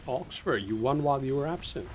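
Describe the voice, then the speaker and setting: A man's voice: mid-range voice, lively intonation, fairly quick, slight background noise. A man hosting a casual live stream, chatting loosely with viewers, full of fillers and asides. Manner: rambling, chatty, reading viewer names aloud, frequent fillers. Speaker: stream host.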